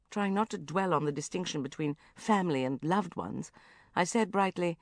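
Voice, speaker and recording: Comic diary audiobook narrator, woman, lively pitch swings, dry close studio sound. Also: moderate pace, dry recording. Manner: animated, breathless exasperation, flat asides.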